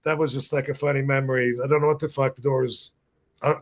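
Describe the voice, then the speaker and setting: Talking quickly at a medium pitch, a fifty-something podcast host spins long, rambling anecdotes in relaxed conversation, acting them out with put-on voices.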